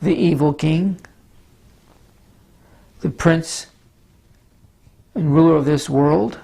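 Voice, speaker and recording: Teaching from a map during a sermon, this male pastor speaks in a calm, deliberate Bible-study style, often tripping lightly on his words. Allergies have left him hoarse, so his somewhat high, warm voice comes out scratchy, gravelly and husky, and he clears his throat now and then.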